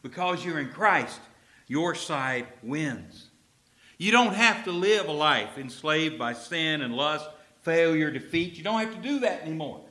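A man from Texas, a preacher delivering an emphatic sermon and slowing down to stress key phrases. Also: a little high, lively intonation, bright, forceful tone.

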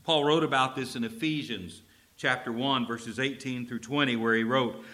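A man from Texas, a preacher delivering an emphatic sermon and slowing down to stress key phrases. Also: medium pitch, steady tone, bright, forceful tone.

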